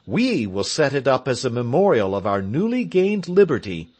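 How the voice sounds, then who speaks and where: A man's voice: mid-range voice, big pitch swings, normal speed, darkish tone. A man reading the part of William Tell, a resolute heroic marksman, in a stirring, declamatory way for an audiobook. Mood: solemn.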